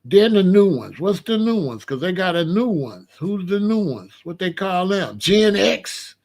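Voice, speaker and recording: A man in his sixties giving a rambling comedic monologue as host, telling stories with animated disbelief and laughter. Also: high voice, unhurried. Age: 60s. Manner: animated, incredulous storytelling with laughs.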